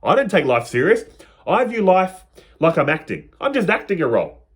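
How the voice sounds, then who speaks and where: A man with a fairly high voice hosts a casual spiritual talk. He speaks earnestly, and his pitch swings widely as he lingers over lists of words. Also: sing-song, normal speed. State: out of breath. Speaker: spiritual video host.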